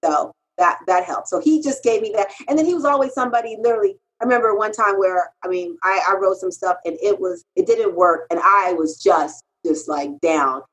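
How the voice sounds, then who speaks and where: Speaking fairly quickly with few pauses, this middle-aged woman, a freelance copywriter, recounts stories candidly and emphatically during an interview. She's animated, her pitch leaping whenever she quotes herself, on a low-quality recording.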